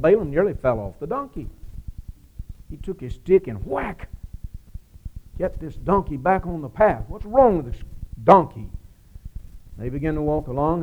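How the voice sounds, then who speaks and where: A man preaching and retelling a story in a lively way, rising to emphatic, loud peaks. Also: fairly high pitch, narrow, tinny audio. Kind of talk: storytelling sermon.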